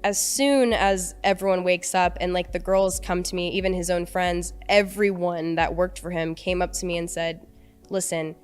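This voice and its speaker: A woman's voice: on the low side, fairly even intonation, moderate pace, hardly any pauses, clean tone, faint music behind. A young woman recounting a personal story as a podcast guest, rambling and peppering her talk with "like". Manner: rambling, heavy use of "like", emotional retelling. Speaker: interview guest.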